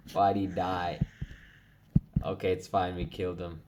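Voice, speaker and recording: Low-voiced young man, excitable commentary. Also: unhurried, background noise. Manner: excitable, swears when frustrated. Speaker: gaming channel host. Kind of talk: gameplay commentary.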